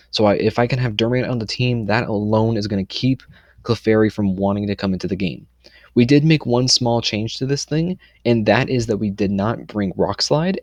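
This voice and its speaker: His fairly low, slightly mellow voice comes through a dry recording as the young man explains his competitive team for a video. He's casual and confident yet rambling, with many "um"s and fast self-corrections.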